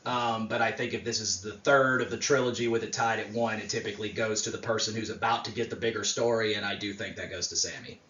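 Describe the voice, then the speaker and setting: A man's voice: fairly low pitch, fast talker, few pauses. Rambling man in an echoey room. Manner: rambling, filler-heavy, relaxed. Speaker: wrestling podcast co-host. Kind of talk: casual chat, predictions. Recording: roomy, distant, dull mic.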